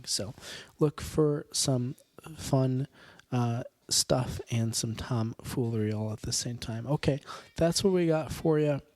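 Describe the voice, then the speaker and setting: A young man hosting a podcast, hoarse from a sore throat, rambling along with halting fillers and self-deprecating asides. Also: medium pitch, darkish tone, no echo. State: hoarse from tonsillitis. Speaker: podcast host. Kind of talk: casual podcast sign-off.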